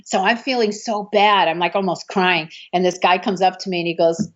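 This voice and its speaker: A woman's voice: fairly low pitch, steady tone, moderate pace, fairly bright tone. A woman telling an anecdote about a film shoot. She acts out what other people said. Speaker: martial arts film actress recounting a film shoot. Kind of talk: anecdotal storytelling. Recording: dull lo-fi recording.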